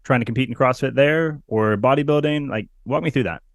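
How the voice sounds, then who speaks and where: A man hosts a podcast interview in a relaxed, conversational way, often rephrasing as he asks follow-ups. His voice sits in a middle range and is recorded close and dry. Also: medium pitch, brisk, no echo. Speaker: podcast host.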